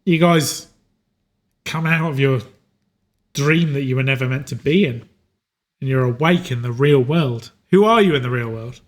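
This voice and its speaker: A man narrating a tabletop role-playing game as game master, casual and quick to improvise. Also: medium pitch. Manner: dramatic monologues for dying characters.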